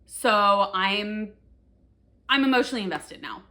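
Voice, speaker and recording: A woman's voice: medium pitch, lively intonation, measured pace, pushed and bright. A woman book vlogger chatting casually to camera, with lots of "like" fillers and playful drama.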